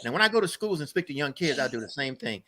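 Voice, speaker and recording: Earnest older man telling stories, bright-voiced. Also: medium pitch, sing-song, quick pace. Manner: earnest, emphatic, rambling storyteller. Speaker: guest. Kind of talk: conversational storytelling.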